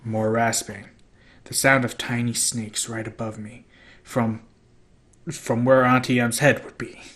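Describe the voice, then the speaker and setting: Male amateur narrator, mid-range voice, steady first-person reading. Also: mid-range voice, unhurried. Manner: steady first-person storytelling with small slips. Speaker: audiobook reader.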